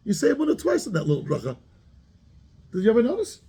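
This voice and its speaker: Gravelly rabbi teaching a class. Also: male voice, a little high, wildly swooping pitch, quick pace, dark tone. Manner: asks the class questions, mixes Hebrew terms into English. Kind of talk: Torah class, lively explanation with questions to students.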